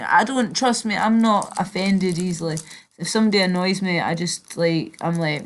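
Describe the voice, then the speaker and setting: Chatty British woman livestreaming, low voice. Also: normal speed. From Britain. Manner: chatty, sweary, reads and answers chat. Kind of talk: casual live-stream chat.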